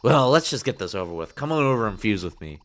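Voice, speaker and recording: A man's voice: lowish voice, sing-song, fast talker. A man voicing a brash young game character, reading the dialogue boxes aloud with a cocky, punchy delivery.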